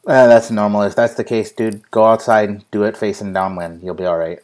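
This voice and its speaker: A man's voice: fairly low pitch, flat delivery, a little fast, darkish tone. Laughing, cursing male show host. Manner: profane, laughing storyteller. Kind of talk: casual live-show chat.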